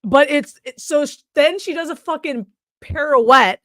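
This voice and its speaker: Brief: young woman podcast co-host, bright-ish voice, dry close mic, lively and foul-mouthed retelling of a horror film. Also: sits high, unhurried, dry recording. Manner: animated, swears often, acts out characters' lines. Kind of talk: casual movie review chat.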